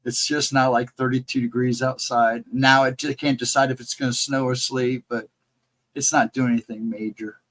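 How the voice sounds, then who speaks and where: A man chatting on a livestream and greeting viewers by name, in a rambling casual way, his voice hoarse and cracking from laryngitis. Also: mid-range voice, flat delivery, normal speed, fairly bright tone, rough recording. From central Ohio, United States. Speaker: livestream co-host.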